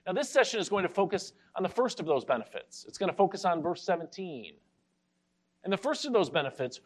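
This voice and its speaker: A man pastor giving an expository sermon, carefully explaining a Bible verse and reading the scripture slowly. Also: sits high.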